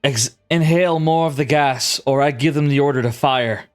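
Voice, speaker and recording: A man's voice: medium pitch, normal speed, faint music behind, voice pushed up, close to an everyday voice. A man voicing a hostile woman tribal leader in a tabletop game, commanding and contemptuous. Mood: menacing.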